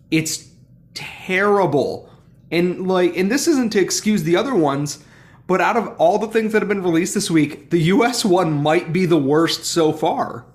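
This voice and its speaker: Guy on a sports podcast ranting, voice jumps all over, kinda high, jokey and fed up. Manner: animated, ranting, exasperated humor. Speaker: podcast co-host. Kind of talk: casual sports chat.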